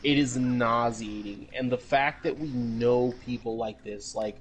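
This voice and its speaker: A man co-hosting a casual podcast, ranting in a profane, mocking ramble full of fillers. His voice sits at an ordinary middle pitch. A faint hiss of noise runs under the recording. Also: a little slow. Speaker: podcast co-host. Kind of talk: casual chat.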